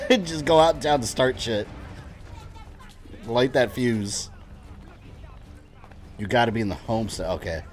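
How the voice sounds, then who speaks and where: A man's voice: medium pitch, slow, pauses often. A young man streaming a video game, rambling casually with chuckling asides. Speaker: gaming streamer. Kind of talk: casual gameplay commentary. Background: game music.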